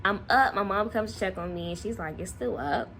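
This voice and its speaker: A young woman vlogger casually telling a personal story to camera, animated and laughing often. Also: medium pitch, a little fast, a little hiss or hum. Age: young adult.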